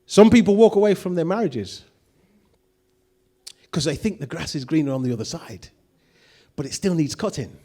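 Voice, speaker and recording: A man's voice: on the high side, animated, normal speed, long pauses, warm tone. A man preaching a sermon, acting out quoted voices and putting questions to the congregation. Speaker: pastor.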